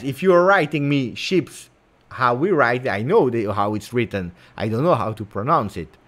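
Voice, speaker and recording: A man's voice: medium pitch, fairly bright tone. A man hosting a casual livestream chat, teasing and repeating words for effect. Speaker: host of a football fan channel.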